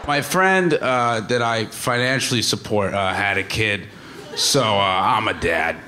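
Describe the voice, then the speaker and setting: A young man doing stand-up on a theater stage with a deadpan delivery, full of hesitant fillers. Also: unhurried, background noise. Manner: deadpan delivery with many uh fillers and a lively pitch. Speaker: stand-up comedian. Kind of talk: stand-up comedy set.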